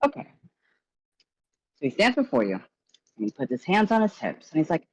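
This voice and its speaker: Young woman as tabletop game master; deep and very animated delivery, casual, a little profane. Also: brisk, slightly rough, dry recording, rough recording. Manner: casual, swears, self-deprecating, animated. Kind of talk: narrating a tabletop role-playing game.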